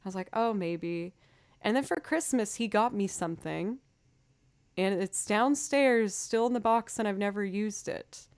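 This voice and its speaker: A woman streams music and chats casually with her viewers, rambling in a self-deprecating way. Her voice sits at an everyday middle pitch with a darkish, clean tone, and she talks at a normal speed.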